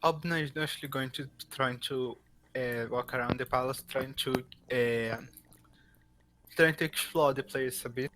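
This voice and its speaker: A man with a bright, forward voice takes his turn in a tabletop game. He speaks casually and searches a little for his words as he asks about the scene. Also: mid-range voice, steady tone, normal speed, a little hiss or hum, low-quality recording. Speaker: tabletop player.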